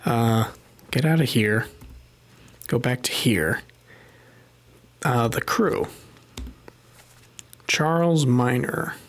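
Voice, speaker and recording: A man's voice: medium pitch, extremely slow, pauses often. A man live-streaming a puzzle game, thinking aloud and muttering to himself as he works things out at his desk microphone. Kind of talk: casual live-stream commentary while gaming.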